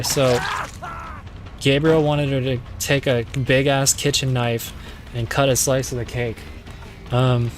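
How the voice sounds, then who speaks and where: A young man streaming a game while rambling through a movie plot from memory, swearing and losing his thread. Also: mid-range voice. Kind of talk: casual movie recap while gaming.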